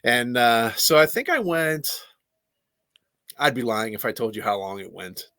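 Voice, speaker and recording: A plain-spoken man telling wrestling stories in a podcast interview, swearing freely and speaking his mind. His voice is bright and forceful, recorded close and dry. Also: medium pitch, expressive, measured pace, no echo. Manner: blunt, profane, candid. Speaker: guest, pro wrestler and trainer. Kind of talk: casual interview storytelling.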